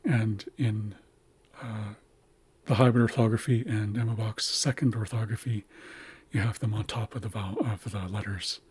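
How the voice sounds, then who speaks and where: A man teaching a language's writing system, slowly explaining letters and repeating words to model their pronunciation. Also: on the low side, steady tone, darkish tone, husky.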